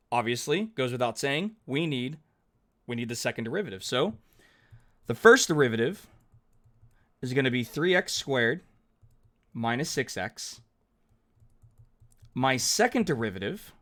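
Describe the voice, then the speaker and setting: A man's voice: a little high, a bit bright. A man teaching calculus over a digital whiteboard, chatty and upbeat, thinking aloud and correcting himself as he writes each step. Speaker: math teacher. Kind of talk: narrated whiteboard math lesson.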